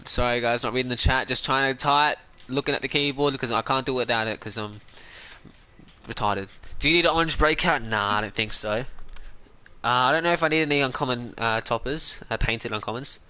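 A man's voice: medium pitch, a little fast, bright, forceful tone, clean tone. An Australian man streaming a game live, chatting casually and rambling between trades with his viewers. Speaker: gaming streamer. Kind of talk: casual live-stream chat while trading. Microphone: personal streaming mic.

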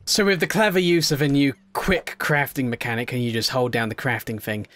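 A man with a mid-range voice talks a little fast as he does let's-play commentary, chatty and full of jokes, addressing in-game creatures and shifting between quiet worry and loud excitement.

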